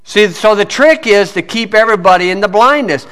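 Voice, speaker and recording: A man with a high, bright voice preaches in a folksy, storytelling way and keeps saying "you see". He sinks to a low mutter when he tells his stories. His voice rings with long reverb in a hall. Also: animated, brisk. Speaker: preacher teaching on scripture and law. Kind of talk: folksy teaching sermon.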